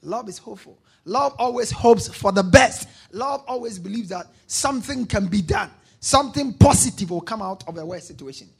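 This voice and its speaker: Gravelly, husky-voiced male pastor preaching. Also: high voice, animated, moderate pace, few pauses. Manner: emphatic preaching, repeating lines and prompting call-and-response; bursts into shouting on key points. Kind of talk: sermon.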